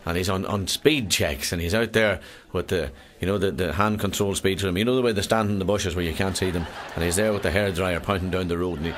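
A man's voice: low voice, fast, hardly any pauses. A man with an Irish accent telling a joke on stage as a stand-up comedian, chatty and storytelling.

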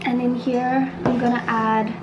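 A woman's voice: fairly high pitch, little pitch movement, measured pace, muffled recording, very noisy. A young woman in her twenties chatting casually as a vlogger, giggly, slipping Japanese words into her English. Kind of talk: casual vlog chat.

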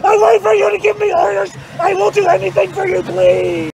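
A man's voice: very high voice, little pitch movement, brisk, vocal fry, a crowd in the background. A man doing a shrieking, manic superfan. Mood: shouted begging. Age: young adult. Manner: shouting, begging, rambling and crude. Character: manic, desperate young male political superfan. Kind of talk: improvised comedy rant.

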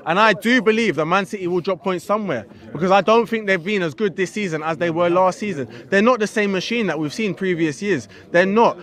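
Fan guy arguing quick and hopeful, kinda high voice. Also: a bit bright. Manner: hopeful, argumentative. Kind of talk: fan vox pop interview.

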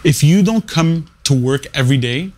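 A man's voice: on the high side, animated, moderate pace, a little mellow. A man who works as a radio morning show producer, speaking in an interview, telling his story and giving career advice in short, emphatic phrases with frequent restarts.

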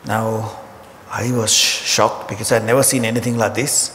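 A man preaching a sermon, telling humorous stories in an animated way. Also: lowish voice, moderate pace. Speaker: pastor. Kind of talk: sermon storytelling. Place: church auditorium. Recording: hall reverb with faint ambient noise.

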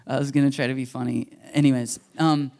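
A male pastor preaching a sermon to his church, animated and jokey, often acting out quoted voices. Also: mid-range voice, vocal fry. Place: church sanctuary.

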